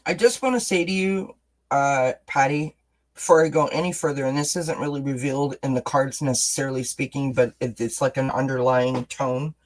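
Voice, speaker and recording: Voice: medium pitch, moderate pace, low-quality recording. Chatty encouraging tarot reader on a livestream. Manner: chatty, encouraging, responds to chat comments; self-deprecating asides. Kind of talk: live-streamed tarot reading, casual chat.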